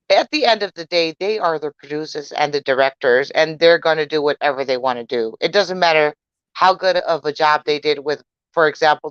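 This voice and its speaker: A woman's voice: low-pitched, clean tone, no room sound, dull audio. A woman co-hosting a casual podcast, frank and opinionated, reading viewer comments aloud. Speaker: podcast co-host.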